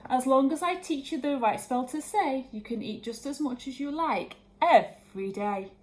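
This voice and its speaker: A woman voicing an eager, excitable little girl witch in a read-aloud storybook, speaking brightly. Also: sits high, normal speed, lightly acted. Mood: coaxing.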